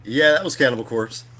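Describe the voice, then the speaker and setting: A man's voice: mid-range voice, vocal fry, pushed and bright, breathy edge. A man co-hosting a podcast, chatting casually and retelling a comedy skit with laughter. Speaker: podcast co-host. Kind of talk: casual chat.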